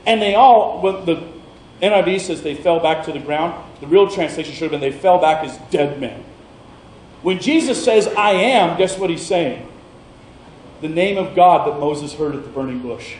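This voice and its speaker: Male pastor telling a bible story in a sermon, animated, highish voice, echoey church hall. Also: normal speed, slight background noise.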